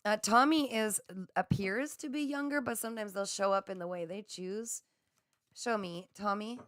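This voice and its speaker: Gentle, soothing woman psychic host. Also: medium pitch, dry recording, clean studio sound. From Canada. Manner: gentle, affirming, slow and soothing. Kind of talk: live spiritual chat reading viewer comments.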